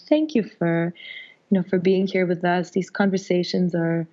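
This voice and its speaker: A young woman with a raspy, hoarse voice from a cold, speaking gently and reflectively as a podcast guest, with many fillers and restarts. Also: on the low side, little pitch movement, normal speed, dull audio. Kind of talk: casual conversation.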